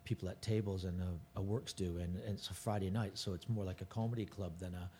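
A man's voice: sits low, fairly even intonation, fast, mellow, a little hiss or hum. A middle-aged man, a touring stand-up comedian, chatting casually as a podcast guest and rambling with restarts and self-corrections.

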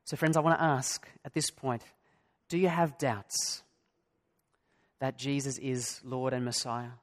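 A man's voice: medium pitch, steady tone, a little slow. A middle-aged male pastor preaching a sermon in an earnest way, asking his listeners many direct questions.

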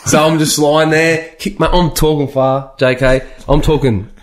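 A man's voice: on the high side, fairly even intonation, moderate pace. An Australian man telling a funny story in casual chat, laughing often.

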